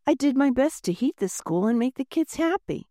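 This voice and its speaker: A cheerful male furnace machine turned baker, proud of his muffins and eager to please, as a woman reading a storybook puts him on. The voice bounces lively with a warm, soft tone, recorded dry and close. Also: high-pitched, normal speed, no echo, voice pushed up.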